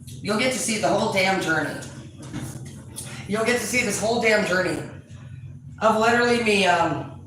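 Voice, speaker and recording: A woman tarot reader chatting casually to her viewers, rambling, loud and full of swearing. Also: mid-range voice, moderate pace, long pauses. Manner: profane, loud, animated storyteller. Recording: echoey room, distant mic, faint noise.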